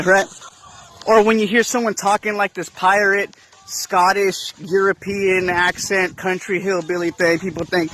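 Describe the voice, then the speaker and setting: Through a rough recording, a man with a high, sharp voice talks at a moderate pace with fairly even intonation. Hosting his channel in a casual monologue, he tags his lines with "right?" and mixes in slang and cursing.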